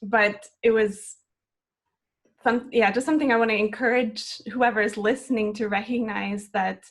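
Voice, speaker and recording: A woman's voice: on the high side, steady tone, moderate pace. A woman in her twenties, a flute student, speaking earnestly and encouragingly in a reflective interview conversation.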